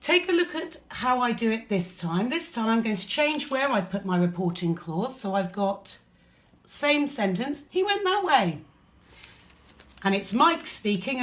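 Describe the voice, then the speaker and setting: A woman's voice: on the high side, expressive, normal speed. A woman teacher with an English accent, explaining a lesson patiently step by step. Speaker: primary school teacher.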